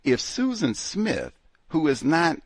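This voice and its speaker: A man hosting a talk show, interrupting his guest and pressing his questions with slow, emphatic delivery. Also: a little high, wildly swooping pitch, no echo, studio quality. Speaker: radio show host.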